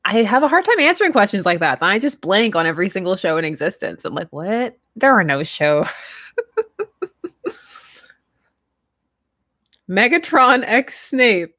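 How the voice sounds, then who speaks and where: A woman's voice: mid-range voice, big pitch swings, moderate pace, pauses often, fairly bright tone, no echo, studio quality. A young woman streaming live, chatting casually with viewers, laughing often and trailing off mid-sentence. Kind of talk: casual livestream chat reading viewer comments.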